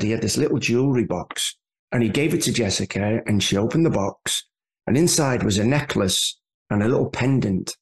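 A man's voice: mid-range voice, a little mellow. A middle-aged man from England, a podcast guest telling a story in a rambling, casual way with frequent asides. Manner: rambling, with many "anyway" asides and restarts.

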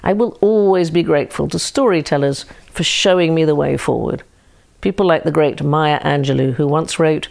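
A woman reading a storybook fable aloud in a slow, deliberate, expressive way. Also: sits low, vocal fry, soft background music.

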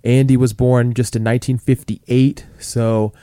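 Chatty man with a smooth, mellow voice. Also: medium pitch, flat delivery, measured pace, no echo, clean studio sound. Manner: chatty, many fillers like "you know" and "like". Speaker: podcast co-host counting down chart hits. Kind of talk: casual chart countdown chat.

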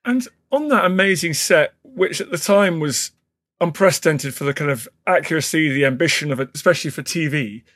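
A man's voice: fairly high pitch, brisk, a bit bright, no echo. A man hosting a podcast, asking questions with casual enthusiasm. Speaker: podcast host. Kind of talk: interview questions.

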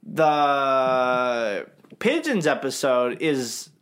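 Young man chatting with a very lively pitch. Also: extremely slow. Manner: animated, laughs often, swears casually. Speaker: podcast co-host. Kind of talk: casual chat after an improv episode.

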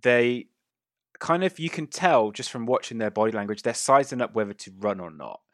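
A man narrating a tabletop game as game master, describing the action in a casual way with quick asides. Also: medium pitch, lively intonation, no echo, clean studio sound.

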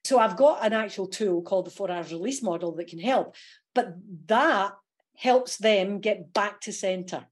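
Lively Scottish woman, laughing coach. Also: mid-range voice, moderate pace. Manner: lively, laughs often while explaining. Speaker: coach and podcast guest. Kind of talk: casual podcast interview.

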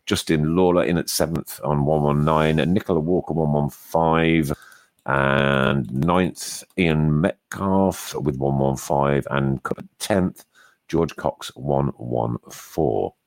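A man's voice: extremely low pitch, slow, gravelly, dry recording. A man co-hosting a casual football podcast, chatty and running through league standings. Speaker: podcast co-host. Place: small studio.

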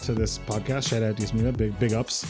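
A man's voice: fairly low pitch, fairly even intonation, quick pace, a little mellow, soft background music. A man co-hosting a podcast, telling stories and asking curious, teasing questions in casual chat. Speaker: podcast co-host.

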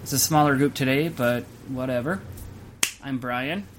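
A man's voice: medium pitch, moderate pace, slight background noise. A man hosting a casual podcast chat, rambling and joking loosely. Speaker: podcast host.

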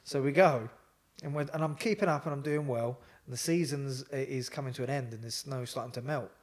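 A man tells a story with plenty of animation in a relaxed interview. His voice sits at a middling pitch, and he swears and laughs easily. He sounds like a talkative guest who is at ease with his host. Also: brisk. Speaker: psychotherapist guest.

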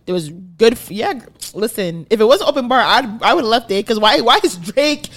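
A woman's voice: fairly high pitch, normal speed. A young woman hosting a podcast, chatting casually and telling a story, acting out what people said. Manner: animated storytelling, acts out quotes. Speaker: podcast host. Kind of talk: casual chat.

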